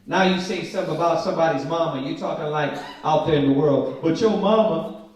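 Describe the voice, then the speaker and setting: A man with a fairly high voice leads an informal scripture study, stretching out the verses and then riffing on them in loose street talk. He sounds set back from the mic, and the large room around him rings with heavy echo. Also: a little mellow. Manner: slow emphatic scripture reading mixed with casual slangy commentary. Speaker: Bible study teacher. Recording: very echoey room from a distant mic.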